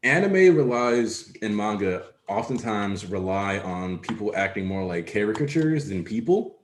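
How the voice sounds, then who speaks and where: A man's voice: fairly low pitch, big pitch swings, measured pace, slight background noise. A man co-hosting a casual discussion, explaining his points at length in an analytical way. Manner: analytical, talks in long explanations. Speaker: co-host. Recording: echoey room.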